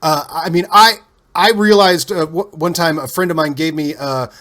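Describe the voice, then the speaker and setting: Animated, rambling man telling stories. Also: a little high, normal speed. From Cincinnati, USA. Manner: animated, rambling with restarts and laughs. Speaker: guest. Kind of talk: casual storytelling interview.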